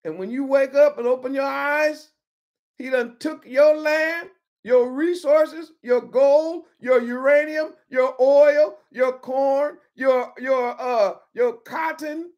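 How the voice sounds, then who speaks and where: Woman bible teacher, slow emphatic sermon delivery, a bit high-pitched, repeats her points and calls on folks. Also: fairly even intonation, darkish tone, muffled recording. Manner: emphatic, repeats key words, talks to listeners by name.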